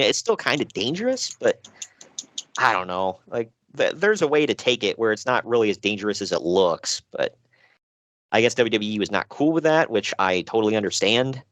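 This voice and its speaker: A man in casual podcast talk, sighing and laughing as he goes. His pitch swings widely around a middle register. The sound is dry and close. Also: no echo. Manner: animated, laughing, sighing, fillers. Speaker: podcast co-host. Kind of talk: casual chat.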